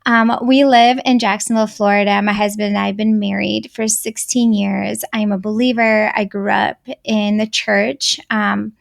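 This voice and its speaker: Gravelly-voiced Russian-native woman, candid. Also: medium pitch, flat delivery, moderate pace, hardly any pauses. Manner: earnest, candid storytelling. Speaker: guest. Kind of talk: casual interview chat.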